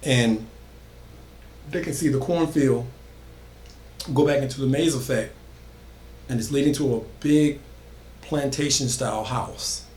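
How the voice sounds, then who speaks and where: A man's voice: mid-range voice, unhurried, long pauses, a little mellow, a little hiss or hum. A man casually telling an original horror story, building emphasis by repeating phrases. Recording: echoey room.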